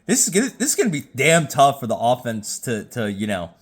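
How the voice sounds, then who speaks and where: A Jacksonville, Florida, man who hosts on YouTube has been drinking and is tipsy as he rates things casually on his phone at home. His ordinary mid-range voice moves fairly fast, and his rambling, stammering talk is full of repetition, now and then erupting into loud excitement.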